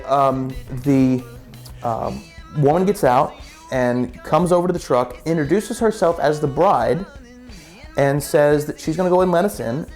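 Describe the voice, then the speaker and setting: Casual storyteller, rambling, stumbling over words, music faint behind. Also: male voice, fairly high pitch, a little mellow. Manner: rambling, many restarts and repeated words.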